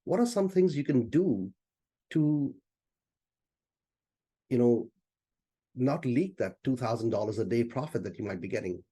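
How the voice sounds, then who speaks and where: A man's voice: medium pitch, expressive, a little slow, pauses often, mellow, husky. A man as a business coach, teaching in a loose, conversational way during an online session and often saying "you know".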